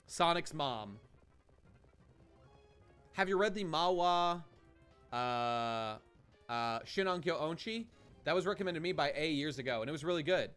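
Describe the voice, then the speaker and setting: A man's voice: fairly high pitch, expressive, measured pace, long pauses, a bit bright, clear, resonant tone, faint music behind. A man streaming a game and chatting with his viewers in a rambling, profane way, often restarting his sentences. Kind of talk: casual live-stream commentary.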